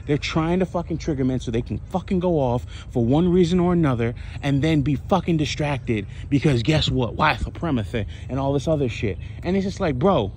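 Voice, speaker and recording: Male vlogger, loose profane storyteller, average pitch, a little room noise behind. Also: a little mellow. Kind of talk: casual rambling monologue.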